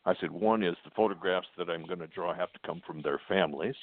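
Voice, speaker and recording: Low gravelly older man on a phone line. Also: fast talker, no echo. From United States. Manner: plainspoken, with fillers and quoted dialogue. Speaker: guest. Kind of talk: storytelling.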